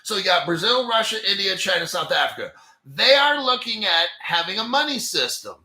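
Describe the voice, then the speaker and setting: A man with a high, lively voice hosts a casual commentary video, hyped up, jokey and full of swearing. His tone is sharp and forceful, and the sound bounces around an echoey room. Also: brisk. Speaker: crypto channel host.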